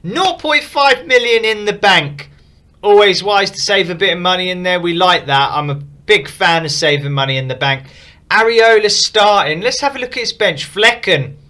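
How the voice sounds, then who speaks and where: High, bright-voiced man reviewing teams. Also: lively intonation, moderate pace. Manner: frank, opinionated, upbeat. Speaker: fantasy football team reviewer. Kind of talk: casual commentary.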